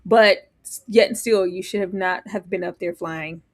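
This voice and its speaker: Expressive woman chatting, laughing often. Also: on the low side, normal speed. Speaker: co-host. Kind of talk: casual live recap chat.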